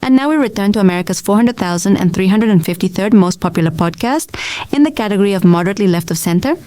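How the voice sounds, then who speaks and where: Mock promo: woman as a quick female announcer, mellow tone, close and dry. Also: medium pitch, lively intonation, no room sound, lightly acted. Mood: mock grand. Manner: rapid, upbeat announcer delivery. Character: brisk female announcer introducing a podcast. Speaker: show announcer.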